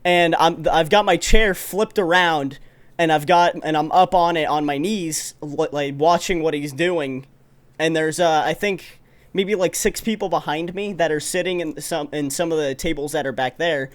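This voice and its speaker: A man's voice: fairly high pitch, moderate pace. A young man co-hosting a podcast on a voice call, telling a rambling, profane story with many restarts. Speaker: podcast co-host. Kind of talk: casual chat on a call.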